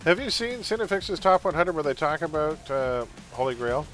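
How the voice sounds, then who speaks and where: Streaming a game, this man chats and laughs his way through an animated conversation about old movies. His voice is slightly high and his pace normal, and the poor audio carries faint music in the background.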